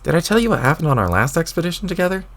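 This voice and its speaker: A man reading a webcomic aloud, voicing a clueless, rambling young male adventurer with old-timey folksy exclamations in a lowered, gravelly voice. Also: sing-song, racing, fairly bright tone.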